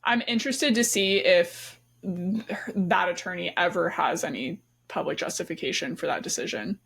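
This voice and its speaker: A woman co-hosting a podcast in casual chat, animated and chatty and quick to laugh. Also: lowish voice, vocal fry, husky. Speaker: podcast co-host.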